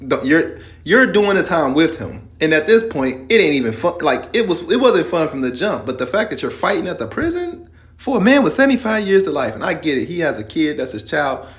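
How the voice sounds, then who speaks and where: A man's voice: fairly high pitch, big pitch swings, fairly quick, fairly bright tone. A man hosting and commenting casually, firing incredulous questions straight at his audience. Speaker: host and commentator.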